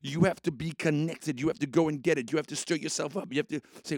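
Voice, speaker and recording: A man hosting a daily faith podcast, talking in an excitable, repetitive, preacher-like cadence with sudden shouts while short on sleep. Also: on the high side, fast, hardly any pauses, no room sound, studio quality. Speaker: podcast host. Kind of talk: energetic motivational faith talk.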